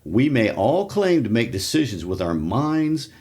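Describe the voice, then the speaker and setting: A man's voice: mid-range voice, big pitch swings, measured pace, darkish tone, husky. A man co-hosting a literature podcast, adding wry asides and historical notes. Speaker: podcast co-host.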